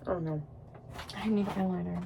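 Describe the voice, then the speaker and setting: A woman's voice: fairly low pitch, fairly even intonation, moderate pace, vocal fry, far from the mic, noisy background. Rambling young woman vlogging her makeup. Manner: rambling, giggly, swears freely. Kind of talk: casual vlog chat while doing makeup. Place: indoors at home.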